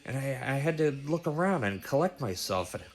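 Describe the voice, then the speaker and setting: A man telling the story of a strange dream in a casual, animated way, swearing freely. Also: mid-range voice, normal speed, faint music behind. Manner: animated, profane, breathless retelling. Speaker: vlogger recounting a dream.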